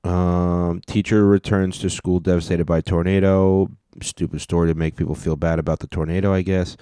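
A man's voice: sits low, flat delivery, moderate pace, dark tone, clean tone, dry recording, clean studio sound. A man hosting a casual solo podcast, reading news headlines aloud and adding sarcastic commentary. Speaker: podcast host.

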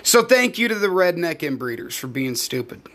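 A man's voice: on the high side, very animated, normal speed, sharp tone. A man, hosting a podcast, ranting alone in a heated and profane way. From United States. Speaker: podcast host; live performer. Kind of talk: angry solo rant.

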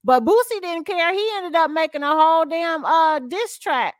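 A woman's voice: extremely high pitch, normal speed, no echo, studio quality. A woman hosting a casual celebrity gossip show, reacting with sighs and laughs and reading posts aloud. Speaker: podcast host.

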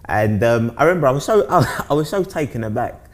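With a mid-range voice and a slightly quick pace, a young Londoner from South East London chats casually as a guest. He rambles with many restarts and repeated words, and becomes animated as he tells stories.

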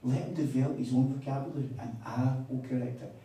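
A man preaching a sermon, telling a story in a chatty, animated way with quoted dialogue. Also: mid-range voice, quick pace, slight background noise. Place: conference hall on a weekend retreat. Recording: echoey hall, mic at a distance.

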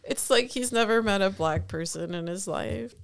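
A woman's voice: medium pitch, moderate pace, vocal fry, smooth. A woman co-hosting a podcast in casual chat; she reacts often, laughs and gives blunt opinions. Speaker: podcast co-host.

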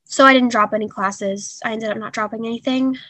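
A young woman telling a painful personal story in an interview, halting and earnest with many fillers. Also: fairly high pitch, steady tone, bright, forceful tone, no room sound. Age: young adult. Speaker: guest.

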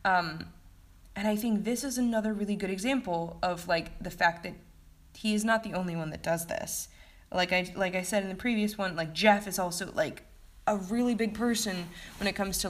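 A woman giving a casual spoken review of TV episodes, rambling and filling her talk with "like" and "um". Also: medium pitch. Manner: rambling, heavy use of "like" and "um". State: sleepy.

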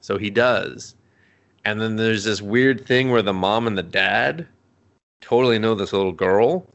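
A man's voice: on the low side, unhurried, fairly bright tone, dull audio. A man co-hosting a casual podcast, rambling through an anime recap, swearing a lot and acting out the characters' lines. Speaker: podcast co-host.

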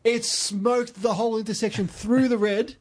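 A man's voice: extremely high pitch, fairly even intonation, moderate pace, a little mellow. An Australian man hosting a podcast, telling long rambling stories in casual chat with lots of restarts. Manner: rambling storyteller with many restarts. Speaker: podcast host.

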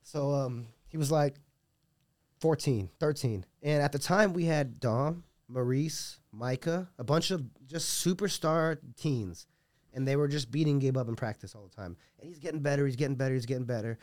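Give me an earnest, rambling coach, a man talking casually on a podcast, mid pitch, dry close sound. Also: normal speed, no room sound. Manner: rambling, soft-spoken, many restarts; earnest and heartfelt. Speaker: jiu-jitsu coach and guest.

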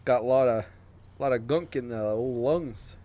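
A man's voice: mid-range voice, a little slow, mellow. A man co-hosting a podcast, teasing his friends with crude banter in casual chat. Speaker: podcast co-host.

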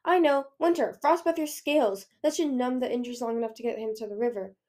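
A woman's voice: a little high, fast talker, darkish tone, close to an everyday voice. A woman voicing a young male dragon who talks in a frantic, urgent way, in a read-aloud storybook.

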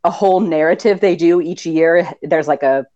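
A woman's voice: lowish voice, moderate pace, dark tone, highs cut off. A woman from the United States chatting casually, explaining things with lots of fillers and frequent laughs. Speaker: fanfiction writer. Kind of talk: casual chat.

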